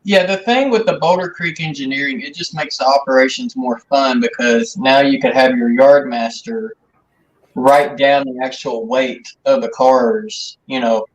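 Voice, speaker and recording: A man's voice: mid-range voice, moderate pace, highs cut off. A man lays out how a model train gadget works, patient and technical, dotting his speech with "um" and "you know." His voice rings in a noticeably echoey room. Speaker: guest in a model railroad chat. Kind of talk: casual chat.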